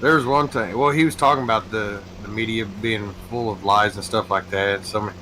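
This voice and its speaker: A man chatting with friends on a gaming stream, telling stories excitedly with heavy swearing. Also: on the low side, moderate pace, a little hiss or hum, poor audio. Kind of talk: casual chat.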